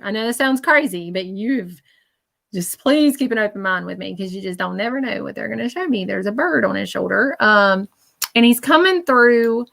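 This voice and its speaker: A woman's voice: a little high, vocal fry, fairly bright tone. A woman psychic medium giving a live spirit reading in a chatty, reassuring way, full of fillers and check-ins.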